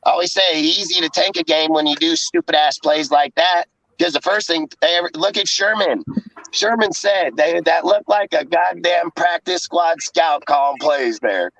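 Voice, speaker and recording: A man's voice: a little high, normal speed, fairly bright tone, no room sound. A man ranting profanely and in exasperation about a football game in casual sports talk. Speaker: podcast co-host. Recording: dull dry lo-fi sound.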